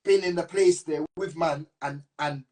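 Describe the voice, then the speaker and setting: A man's voice: fairly high pitch, moderate pace, a little mellow. A man with a South London accent who interviews his guest in casual chat, asking long, rambling questions and tagging "yeah?" onto his points. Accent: South London, London slang.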